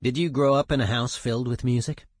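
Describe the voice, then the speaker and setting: A man's voice: medium pitch, steady tone, fast talker, no room sound, clean studio sound, lightly acted. A man voicing a male music journalist who asks short, probing questions.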